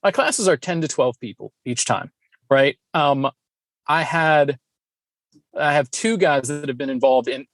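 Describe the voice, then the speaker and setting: A man co-hosting a podcast in casual chat, telling stories in an animated way and laughing often. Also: medium pitch, no room sound. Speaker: podcast co-host.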